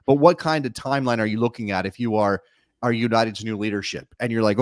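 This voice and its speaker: A man co-hosting a soccer talk show, talking in an animated, wry way with many quick restarts. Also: medium pitch, no room sound, clean studio sound. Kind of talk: casual sports talk.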